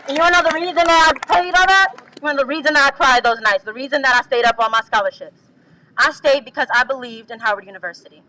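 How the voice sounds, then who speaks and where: A woman's voice: high voice, fast talker, noisy background. A young woman student giving an emphatic, rallying protest speech on a handheld mic at an outdoor gathering. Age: young adult.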